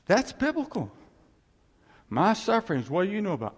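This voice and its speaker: Preacher, male, lively swooping delivery, slightly high voice; long reverb. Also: moderate pace. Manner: animated preaching, conversational asides. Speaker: pastor. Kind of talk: sermon.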